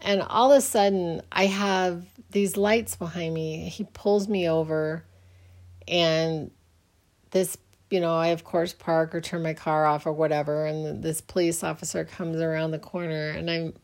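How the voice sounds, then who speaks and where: A woman's voice: low voice, fairly even intonation, a little slow, a little mellow. A middle-aged woman hosting a podcast, telling a personal story in a rambling, earnest, reflective way. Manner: rambling, earnest, often restarts; faith-minded, reflective. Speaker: podcast host.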